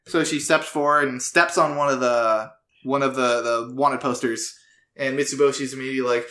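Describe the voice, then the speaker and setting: Bright-voiced man recapping anime episodes. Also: medium pitch, fairly even intonation. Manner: loose retelling with quick put-on quotes and fillers. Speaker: podcast co-host. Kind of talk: casual podcast recap.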